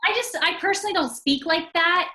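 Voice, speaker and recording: A woman's voice: very high-pitched, fairly quick, pushed and bright, rough recording. A woman chatting on a team call, sharing sales tips in a bubbly, casual way full of "like" and "oh my gosh". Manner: bubbly, uses "like" and "oh my gosh" a lot.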